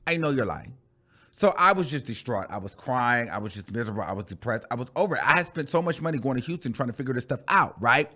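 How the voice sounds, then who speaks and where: A man telling a storytime rant on his channel in a chatty, animated way, calling the listener "girl" and repeating phrases for emphasis. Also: mid-range voice, fast, hardly any pauses. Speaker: YouTuber.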